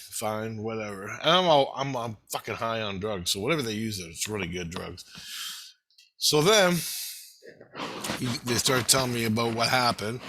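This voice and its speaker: A man's voice: on the low side, bright, forceful tone, no echo. A man casually telling a long personal story, swearing often and acting out both sides of a conversation with lots of "he goes" and "I go". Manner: profane, loose retelling with many quoted dialogues and repeated "he goes".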